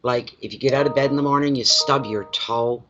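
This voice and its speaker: A man, a card reader chatting casually on a livestream from home, expressive and quick to laugh, greeting viewers by name. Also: mid-range voice, lo-fi sound, over music. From Atlantic Canada.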